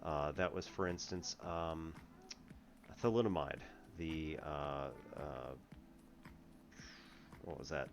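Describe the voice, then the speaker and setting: A man's voice: very deep voice, steady tone, slow, gravelly, long pauses. A man tutoring math in a casual, rambling way, laughing often and restarting his sentences. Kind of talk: casual lesson chat.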